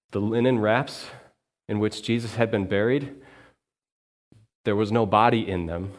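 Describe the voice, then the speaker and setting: A male minister giving an earnest first-person sermon monologue in character, quiet and reflective in the sad parts, lively when the story turns. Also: fairly low pitch. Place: church sanctuary.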